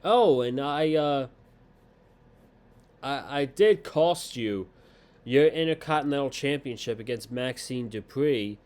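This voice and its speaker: A man's voice: mid-range voice, lively intonation, slow pace, a little mellow. A man lightly raising his voice to mimic a cheeky woman wrestler taunting her rival while retelling a show. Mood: teasing.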